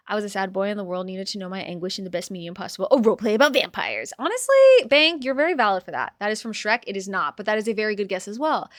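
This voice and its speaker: Bright, chatty young woman streamer. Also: mid-range voice, no echo, studio quality. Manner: talks to herself and to chat, swears, swings loud. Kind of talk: casual chat.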